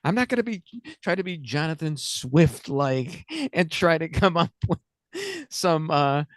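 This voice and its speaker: A slightly high male voice, unhurried and dry, comes through a studio mic. He's in his sixties, hosting comedic political talk radio, where he rambles, jokes, and keeps cutting himself off.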